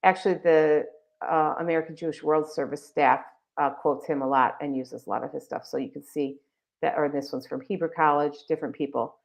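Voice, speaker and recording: A woman's voice: low-pitched, fairly even intonation, fairly quick, gravelly. Chatty woman presenting a webinar. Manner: chatty, enthusiastic, many fillers and restarts. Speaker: webinar presenter for a text library. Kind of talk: live webinar walkthrough. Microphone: video call. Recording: dull lo-fi video call audio.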